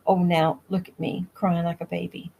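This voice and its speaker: A woman reading the lines of a tiny, gentle elderly grandmother, in a casual audiobook reading at home. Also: fairly low pitch, flat delivery, moderate pace, vocal fry, muffled recording, slight background noise. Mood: tender. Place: home room.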